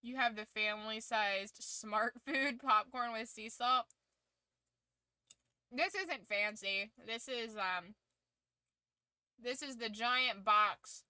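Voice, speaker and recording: A talkative woman hosts her stream in an easygoing chat, laughing often and letting swear words slip. Her voice sits a little high and rings bright. The sound is close and dry, with no room around it. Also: slow pace, pauses often, no echo. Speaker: streamer hosting a watch-along. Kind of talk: casual chat.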